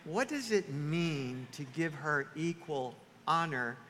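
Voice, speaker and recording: A man preaching a sermon to his church, animated, often acting out the voices of the people he quotes. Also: a little high, slow pace, a little hiss or hum. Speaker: pastor. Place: church sanctuary. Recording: reverberant hall, faint ambience.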